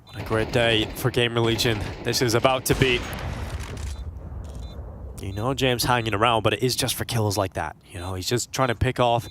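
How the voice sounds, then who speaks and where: Guy doing play-by-play for esports, mid pitch, gets loud and high when stuff happens, bit of hiss behind. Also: steady tone, moderate pace. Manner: rises sharply in pitch and volume at big plays. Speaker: esports commentator. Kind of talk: play-by-play commentary.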